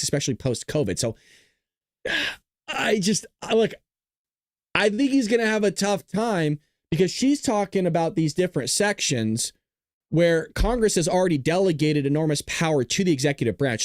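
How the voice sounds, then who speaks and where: A man's voice: fairly high pitch, a little mellow, dry recording, studio quality. A man hosting a live political commentary stream, talking casually to his chat, jokey and profane. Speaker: livestream political commentary host.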